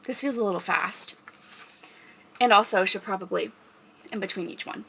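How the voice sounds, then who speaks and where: A woman's voice: mid-range voice, moderate pace, pushed and bright, a little hiss or hum. A woman chatting to camera in a casual vlog, nervous and self-conscious as she rehearses and gives herself tips. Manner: chatty and playful. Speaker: vlogger practicing for a librarian job interview.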